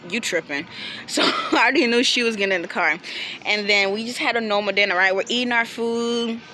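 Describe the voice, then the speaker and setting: A young woman, casually telling a storytime with animated quotes and bursts of laughter. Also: a little high, slight background noise. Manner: animated, laughing, quoting friends in quick bursts. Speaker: vlogger.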